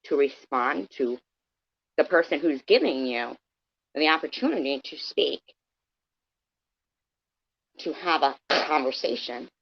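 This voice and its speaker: Low-voiced, combative woman in her fifties. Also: unhurried, gravelly, long pauses, slightly rough, highs cut off. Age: 50s. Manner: sarcastic, combative, addresses viewers by name. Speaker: live streamer. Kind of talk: confrontational livestream rant.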